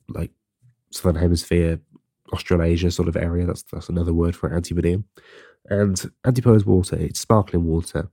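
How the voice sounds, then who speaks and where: A man's voice: sits low, creaky, warm tone, breathy edge, dry recording, clean studio sound. A young man hosting his own podcast, rambling casually and swearing. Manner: chatty and swearing, with rambling asides. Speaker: podcast host. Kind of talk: casual solo podcast monologue.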